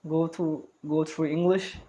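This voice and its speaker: Slow-talking man teaching spoken English. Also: a little high, level tone, warm tone, slight background noise, rough recording. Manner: careful, repeats words and corrects himself. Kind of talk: online English lesson.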